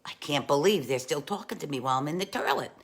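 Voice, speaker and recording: Picture a gossipy aunt holding court with her viewers, as a woman puts her on. Her voice sits low but swings wide and lively as she chats. She's warm, chatty and always ready for a story. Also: fast talker. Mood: chatty storytelling. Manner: chatty, greets viewers, calls them dolls. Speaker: comic host. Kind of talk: live-stream storytelling in character.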